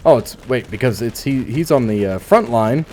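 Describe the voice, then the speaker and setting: Chatty man with a lively pitch. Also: moderate pace. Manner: chatty, musing aloud while playing, dry asides. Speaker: gameplay commentator. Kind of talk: casual let's play commentary.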